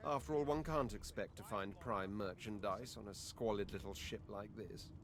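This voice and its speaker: A man's voice: on the low side, normal speed, lightly acted. An actor playing a haughty, aristocratic male lizard prince in a video game, speaking in a pompous, drawling, condescending way.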